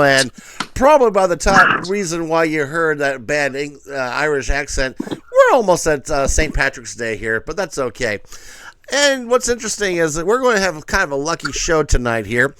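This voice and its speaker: A man's voice: fairly high pitch, big pitch swings, normal speed, bright, forceful tone, smooth. A man hosting a game show with chatty, upbeat patter.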